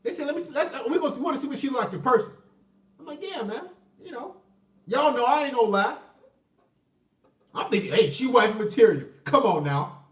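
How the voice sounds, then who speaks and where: A man tells a story casually, cursing freely and jumping from loud outbursts to low mutters. His pitch swoops widely. He sits away from the mic in a room with a roomy echo. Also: brisk, long pauses, recorded from a distance. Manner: animated and profane, swinging between loud outbursts and low mutters. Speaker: vlogger telling a personal story.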